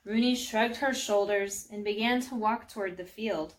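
A woman reading a children's storybook aloud, gently, sometimes speaking directly to young listeners. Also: medium pitch, moderate pace. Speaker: storybook narrator.

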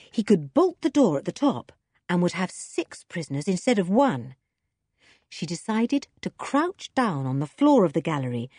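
A woman narrating a children's adventure story in a lively, expressive reading. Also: on the low side, slightly rough, dry recording, studio quality. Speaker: audiobook narrator.

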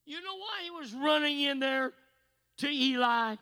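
Revival preacher, man, very high bright voice, hushed asides then shouting. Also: a little slow, poor audio. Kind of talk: revival sermon.

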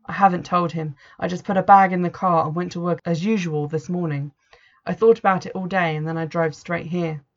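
A woman's voice: lowish voice, steady tone, fairly quick, lightly acted. A woman reading the part of an anxious, regretful middle-aged mother who talks hesitantly and apologetically, on a dull lo-fi recording.

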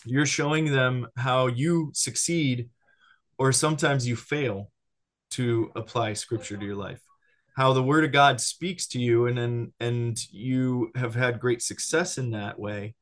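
Animated man teaching on discipleship. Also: medium pitch, measured pace. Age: adult with a child. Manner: animated, lots of restarts and "right?" check-ins.

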